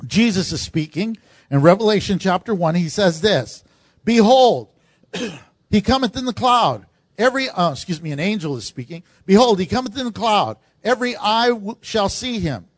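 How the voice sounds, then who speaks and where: High-voiced pastor preaching, dry close sound. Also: male voice, moderate pace, no room sound. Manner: animated, acts out quoted voices of congregants. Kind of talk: sermon.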